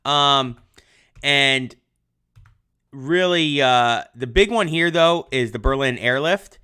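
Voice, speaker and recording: A man's voice: mid-range voice, expressive, takes it slowly, pushed and bright, smooth. A young adult male history teacher giving a casual livestreamed lesson, chatty with lots of ums, answering viewer comments. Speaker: high school history teacher.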